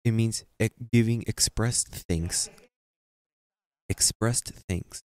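Low-voiced guy preaching, slow scripture reading, hammers on words. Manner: emphatic, repeats phrases for stress; reads scripture slowly and deliberately. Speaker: pastor. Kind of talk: sermon.

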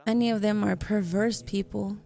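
A woman interpreting a sermon into English live, speaking in short measured phrases with a gravelly voice. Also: mid-range voice, steady tone, dark tone.

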